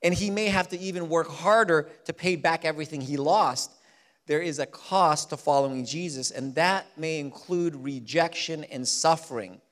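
A man preaching a sermon, stressing key lines slowly and acting out the people he quotes. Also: a little high. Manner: emphatic, repeats key lines slowly, acts out quoted voices. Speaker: pastor.

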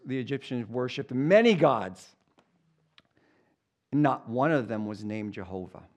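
A man preaching, slowly reading scripture aloud and then explaining it in plain, conversational words. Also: darkish tone. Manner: acts out voices with big pitch jumps. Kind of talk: Bible teaching.

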